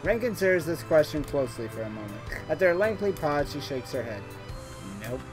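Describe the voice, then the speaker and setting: A man's voice: fairly high pitch, very animated, fast, over music. A man hosting a gaming video, reading a visual novel aloud in a playful, jokey way and laughing often. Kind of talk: playful read-along of game text.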